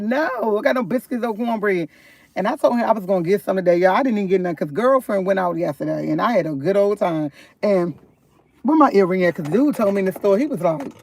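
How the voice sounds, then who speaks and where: A woman's voice: medium pitch, dry recording. A woman livestreaming from her parked car, telling rambling stories to her viewers and laughing often as she talks. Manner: rambling, chatty, keeps addressing viewers as y'all; laughs often, animated when retelling. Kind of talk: casual live-stream storytelling.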